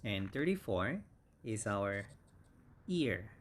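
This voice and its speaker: A man teaching English vocabulary, saying each word slowly and repeating it several times. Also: lowish voice, sing-song, a little hiss or hum. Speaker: English instructor. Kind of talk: vocabulary lesson.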